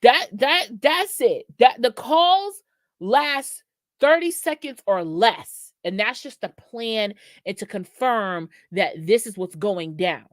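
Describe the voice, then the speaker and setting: A woman's voice: on the high side, lively intonation, slow pace, no room sound, clean studio sound. A woman co-hosting a podcast in casual, frank, slangy chat, often acting out quoted voices. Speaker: podcast co-host.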